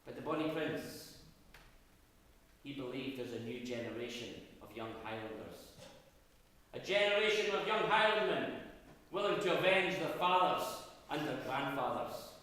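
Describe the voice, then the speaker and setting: A Scottish man giving a dramatic history lecture, swinging from loud emphatic bursts to low hushed asides, recorded in a university auditorium. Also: expressive, normal speed. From Scotland. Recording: echoey hall, voice far from mic.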